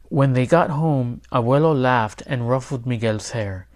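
A man, a teacher, reading a children's picture book aloud in clear, steady storytelling. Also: mid-range voice, measured pace, hardly any pauses. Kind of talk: children's read-aloud narration.

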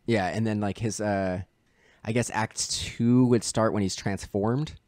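A man's voice: on the low side, fairly even intonation, a little slow, darkish tone, dry recording, studio quality. A man co-hosting a podcast, talking loosely about a film with lots of fillers. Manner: rambling, many fillers, mimics characters in voices. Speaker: podcast co-host. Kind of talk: casual film review chat.

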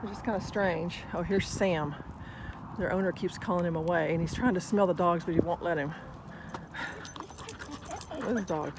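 A woman's voice: moderate pace, pauses often, background noise. A woman chatting casually to the camera at an outdoor dog park. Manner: chatty, praises her dogs in a high sing-song. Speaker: dog vlogger. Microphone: action camera.

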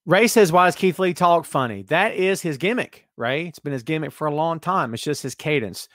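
In studio-quality audio without echo, a man with a fairly high pitch hosts a casual podcast at normal speed. He reads comments from listeners and responds with sarcasm, lurching animatedly from loud asides to mutters.

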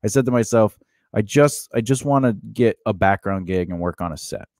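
A man's voice: lowish voice, brisk, a little mellow, dry recording, studio quality. A man co-hosting a podcast in casual comedic chat, rambling and joking, with many fillers and restarts. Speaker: podcast co-host.

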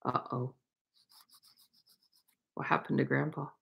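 A woman teacher reading a picture book aloud to young children, gently asking them questions. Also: rumbling low, level tone, takes it slowly, creaky, dull audio. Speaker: preschool teacher.

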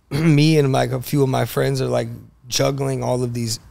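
A man's voice: mid-range voice, moderate pace, gravelly. A man on a podcast, a guest telling stories casually and acting out the lines of the people in them. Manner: animated storyteller, acts out quoted dialogue. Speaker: guest, car broker.

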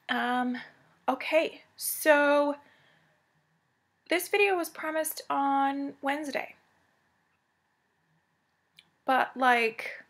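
A woman talks at home in a rambling, chatty way, drifting into asides as she gives a cross-stitch update. Her voice sits a little high and has a gravelly, fried edge. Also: fairly bright tone.

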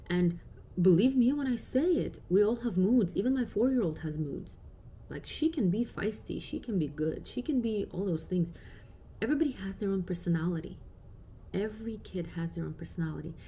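Chatty mother with a mellow, low voice. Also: slight background noise. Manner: chatty, reflective, uses many fillers. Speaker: parent vlogger. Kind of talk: casual talk to camera.

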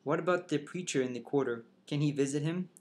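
A man's voice: on the high side, quick pace, natural voice. A man reading the part of a stern, condescending middle-aged Southern sheriff, questioning in a plainly read voice. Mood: interrogating.

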